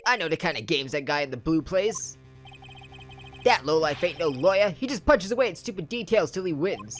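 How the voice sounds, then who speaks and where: A woman's voice: fairly low pitch, expressive, brisk, faint music behind, lightly acted. A woman voicing a hot-tempered male loan-shark boss, using a bad Brooklyn accent and barking threats. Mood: menacing. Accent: Brooklyn, put on badly. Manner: gruff, shouting threats.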